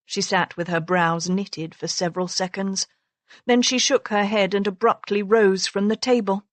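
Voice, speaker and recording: A woman narrating a romance audiobook in a measured, even storytelling manner. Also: medium pitch, dry recording. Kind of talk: scripted narration.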